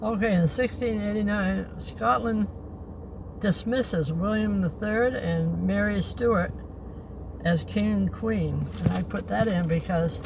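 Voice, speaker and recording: An older man hosting a livestream outdoors by the beach, reading historical notes in a halting way and slowing down on names. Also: sits high, vocal fry. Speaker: livestream host. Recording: noisy outdoor recording.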